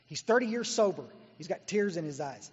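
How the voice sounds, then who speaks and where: Blunt husky man in echoey hall. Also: high-pitched, animated, fairly quick, a little mellow. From Texas. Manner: blunt, exhorting, storytelling. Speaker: guest speaker. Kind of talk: recovery meeting talk. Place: meeting hall. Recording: dull echoey hall recording.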